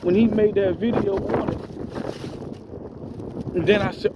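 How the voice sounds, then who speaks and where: A man's voice: sits high, fairly even intonation, measured pace, pauses often, very noisy. A man telling a spiritual testimony in a casual, slangy way, calling his listeners bro. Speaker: storyteller giving a spiritual testimony.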